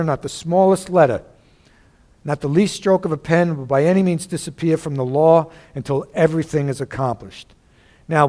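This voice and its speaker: A man with a somewhat high voice preaches to his church with emphatic force. He rises and falls in his delivery and keeps prompting the congregation with quick questions. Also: a little mellow. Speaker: pastor. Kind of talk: sermon.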